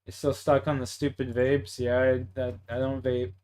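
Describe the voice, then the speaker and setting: A man's voice: medium pitch, level tone, normal speed, a little mellow. Laid-back young Canadian man, profane chat. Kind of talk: casual chat.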